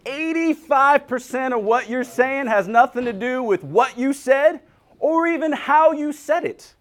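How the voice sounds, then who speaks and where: Lively, joking male preacher. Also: extremely high pitch, measured pace. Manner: animated, jokey, acts out little scenes. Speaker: pastor. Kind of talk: humorous sermon.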